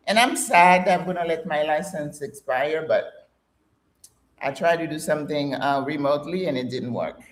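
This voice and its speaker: Chatty older woman, roomy sound. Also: low voice. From Caribbean. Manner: warm, chatty, encouraging. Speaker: fitness instructor and channel host. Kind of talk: live workout class and chat. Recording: roomy echo.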